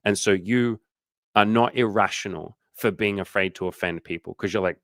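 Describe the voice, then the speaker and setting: A man's voice: fairly low pitch, moderate pace, vocal fry, fairly bright tone, dry recording. A man working as a dating coach, answering questions on a casual livestream in a candid, loose way, swearing freely and using lots of fillers.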